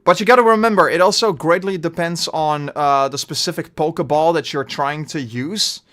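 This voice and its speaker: A man with a Dutch accent chatting through a live game stream, rambling and getting loudly frustrated at times. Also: a little high, normal speed. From Netherlands. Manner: chatty, bursts of frustration, trailing off.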